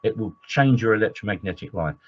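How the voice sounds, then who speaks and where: Low-voiced man giving an enthusiastic webinar lecture. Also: lively intonation, fast talker, slightly rough. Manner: enthusiastic, digressive, with many fillers. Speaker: trainer and EMC engineer. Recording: dull lo-fi webinar audio.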